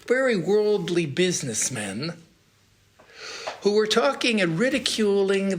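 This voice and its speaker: Man with a higher voice giving a spiritual talk. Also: fairly bright tone. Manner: unhurried, searching for words as he recounts a story. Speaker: monk giving a Sunday lecture. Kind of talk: spiritual lecture with storytelling. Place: monastery lecture hall.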